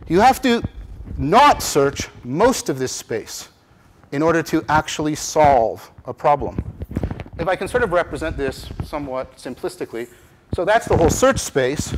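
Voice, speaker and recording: A man giving a conference lecture on cognitive science, with animated emphasis, rhetorical repeated questions and frequent restarts. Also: a little high, a little hiss or hum. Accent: Canadian English. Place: lecture room.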